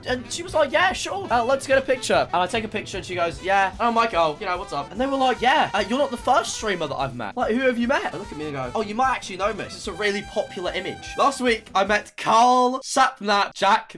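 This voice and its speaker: A young man, telling a storytime on his stream and acting out what everyone said. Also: high voice. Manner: animated, acts out quotes of others.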